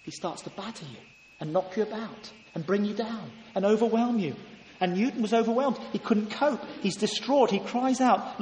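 A man's voice: high voice, moderate pace, darkish tone, slight background noise. A man preaching a sermon in church, earnest and full of rhetorical questions. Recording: echoey hall, heard from a distance.

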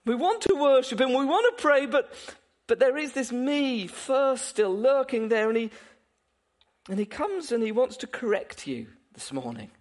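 A man's voice: extremely high pitch, big pitch swings, normal speed. A man preaching a sermon, asking his listeners questions and chuckling now and then, with frequent restarts.

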